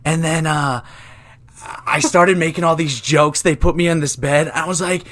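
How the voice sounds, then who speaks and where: A man's voice: a little high, fairly even intonation, moderate pace, fairly bright tone. A man in his twenties hosting a podcast, telling crude, joking stories in casual chat. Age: 20s. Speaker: podcast host.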